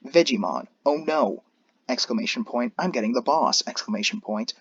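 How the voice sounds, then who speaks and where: A man's voice: medium pitch, lively intonation, moderate pace, husky, dry recording, lo-fi sound. A man voicing a flustered, bossy male monster cook at a diner in a fan story reading. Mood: frantic.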